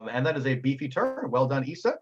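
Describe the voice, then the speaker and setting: A man's voice: medium pitch, very animated, fast talker, lo-fi sound. A man running a tabletop game as game master, narrating in a playful, jokey way. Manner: playful, jokey, acts out figures.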